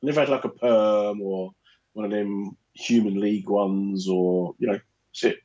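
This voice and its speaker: A man who does stand-up, co-hosting a podcast with wry, teasing, deadpan humour. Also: on the low side, normal speed, lo-fi sound. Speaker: comedian and podcast co-host. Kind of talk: casual chat.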